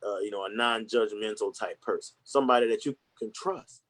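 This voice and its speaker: A man's voice: lowish voice, a little fast, fairly bright tone. A man speaking candidly and earnestly in casual conversation, rambling with restarts and slang. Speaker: podcast guest.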